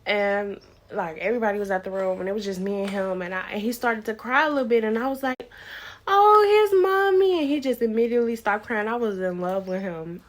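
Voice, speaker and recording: A young woman talks to the camera in a relaxed, chatty way. She repeats words and acts out what others said. Her voice sits at an ordinary middle pitch. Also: fast. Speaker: vlogger. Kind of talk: casual storytelling to camera.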